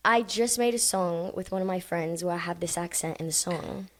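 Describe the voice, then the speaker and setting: A woman's voice: lowish voice, moderate pace. A young adult woman, a musician guest on a podcast, chatting casually with lots of slang and swearing. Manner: slangy, swears freely, says dude and like a lot.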